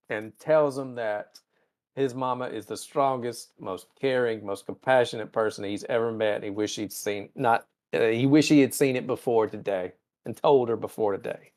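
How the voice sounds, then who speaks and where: A man's voice: mid-range voice, measured pace. A man hosting a podcast, recapping TV episodes in a casual, irreverent and profane way and acting out the characters' lines. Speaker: podcast host.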